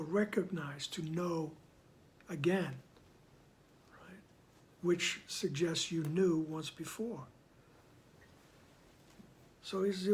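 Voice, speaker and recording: A man giving reflective commentary on a spiritual text. He speaks softly, often slips into a whisper, and keeps checking in with "right?". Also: high voice. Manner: soft-spoken, often dropping to a whisper; unhurried, checks in with "right?" after each point. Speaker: spiritual study reader and commentator.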